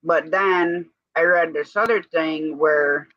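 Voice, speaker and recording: On a live stream with dull lo-fi sound and no echo, a low-voiced woman talks slowly in a fairly even tone. She meanders through a casual co-hosting chat, pausing occasionally to direct her dog.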